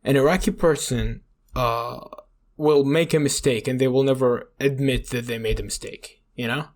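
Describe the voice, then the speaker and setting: A man's voice: mid-range voice, fairly even intonation, moderate pace. A young man from Iraq co-hosting a podcast, telling stories in a rambling, swear-filled way and leaning on "you know". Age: young adult. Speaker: podcast co-host. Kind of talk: casual chat.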